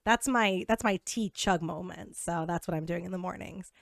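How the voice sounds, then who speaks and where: A woman's voice: on the low side, normal speed, creaky, dry recording, clean studio sound. A young woman co-hosting a podcast in casual chat, joking, teasing herself and swearing freely. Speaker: podcast co-host.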